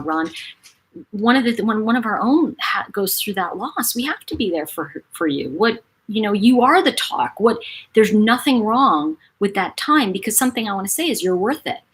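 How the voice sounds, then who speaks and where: A middle-aged woman hosting a live stream, talking warmly and expressively with viewers, with many fillers. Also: medium pitch, husky. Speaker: host of a live stream, reading viewer comments. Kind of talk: casual live-stream chat.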